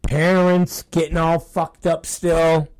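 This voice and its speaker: A middle-aged man, a wrestling promoter, ranting on a talk show, swearing constantly and breaking into shouts. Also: on the high side, flat delivery, slow pace, smooth. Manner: profane, ranting, bursts into shouting.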